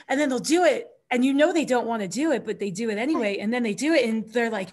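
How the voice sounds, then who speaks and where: A woman's voice: fairly high pitch, animated, quick pace, few pauses. A woman hosting a podcast, chatting casually about wrestling, laughing and acting out quotes in her stories. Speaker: podcast host, wrestling trainer.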